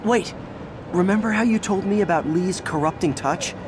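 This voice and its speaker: A man's voice: high voice, normal speed, background noise, natural voice. An actor playing a friendly, earnest young male hero who talks in an upbeat, chatty way.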